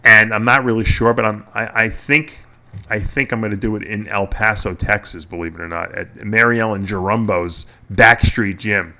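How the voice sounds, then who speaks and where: A man's voice: lowish voice, fairly even intonation, moderate pace, sharp tone. A middle-aged man hosting a radio show, chatting casually in a rambling way and chuckling often. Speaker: podcast host.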